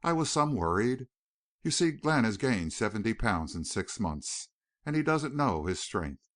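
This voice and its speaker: A man's voice: fairly low pitch, very animated, unhurried, no echo, clean studio sound. A male narrator voicing a drawling, jovial older Western rancher in an audiobook.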